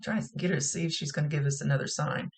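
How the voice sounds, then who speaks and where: A woman's voice: low voice, steady tone, very fast, vocal fry. A woman working as a psychic medium, giving a casual reading in a chatty, folksy, rambling way.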